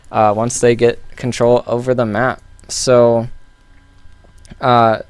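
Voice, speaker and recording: A man's voice: mid-range voice, smooth, dry recording. A man casually analyzing a recorded esports match, thinking aloud with frequent fillers and restarts. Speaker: game analyst. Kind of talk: casual game analysis commentary.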